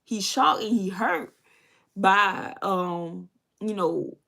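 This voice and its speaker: A woman's voice: mid-range voice, expressive, extremely slow, gravelly, pushed and bright. A woman beauty vlogger telling a story in a loose, chatty way while doing her makeup. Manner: loose and chatty, many fillers and asides.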